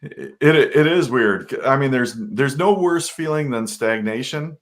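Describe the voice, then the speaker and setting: Man, podcast host, casual chat, jokey, laughs a lot, mid-pitched voice. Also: animated, measured pace. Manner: jokey, laughs often, greets live viewers.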